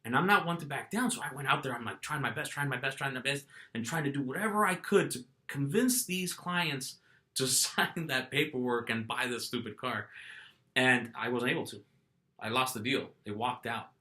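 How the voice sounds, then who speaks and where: A man's voice: medium pitch, moderate pace, sharp tone. A middle-aged man vlogging, telling a story casually and animatedly, acting out quotes and restarting his phrases.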